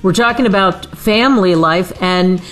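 A woman's voice: fairly low pitch, moderate pace, fairly bright tone. A woman hosting a radio interview, introducing her guest and prompting with brief questions. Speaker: radio show host.

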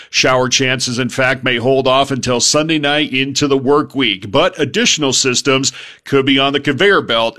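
Bright-voiced radio weatherman. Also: mid-range voice. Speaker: radio meteorologist.

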